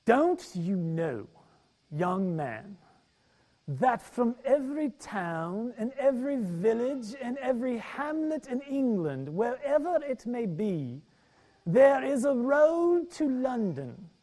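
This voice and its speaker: An old-time preacher speaks in a wobbly mock British accent that drifts toward Irish and Southern, as a man reads him aloud. His phrases are stretched out slowly and with drama, in a raised, high voice. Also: big pitch swings, dark tone, exaggerated voice. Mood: earnest. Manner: slow dramatic reading, drawn-out phrases. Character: old-time male British preacher giving earnest counsel. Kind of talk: dramatic reading within a sermon.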